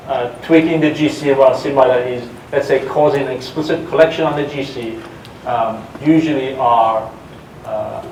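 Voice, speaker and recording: A man's voice: fairly high pitch, a little mellow, a little hiss or hum. A man giving a technical talk at a developer conference, engaging the audience with questions and plenty of fillers and restarts. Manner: engaging, asks audience for shows of hands, many fillers and restarts. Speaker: conference presenter. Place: large conference hall. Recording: roomy hall sound, mic at a distance.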